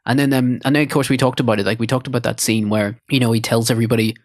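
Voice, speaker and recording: A man's voice: mid-range voice, fairly even intonation, quick pace, few pauses, no room sound, clean studio sound. A man co-hosting a podcast, chatting casually and acting out movie lines in a raised voice. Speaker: podcast co-host. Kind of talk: casual chat.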